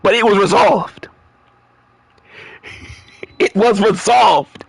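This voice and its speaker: A man's voice: high voice, slow pace, vocal fry, husky, dry recording. A man playing through a game and reacting to it in casual commentary, with exasperated, profane rants and stumbling restarts. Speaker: gamer reading and reacting to game dialogue.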